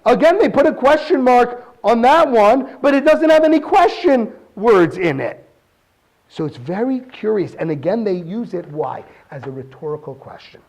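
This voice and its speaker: A man with a high voice gives a weekly Torah talk. His pitch swings widely as he poses one question after another. He reads verses aloud in Hebrew between his points. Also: sing-song, moderate pace, a little mellow. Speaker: Torah teacher.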